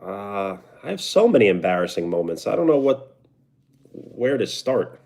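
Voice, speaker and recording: A man's voice: fairly low pitch, big pitch swings, normal speed, vocal fry, darkish tone. A young man with a New York accent, chatting casually on a live stream and answering viewer comments. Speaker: livestreamer.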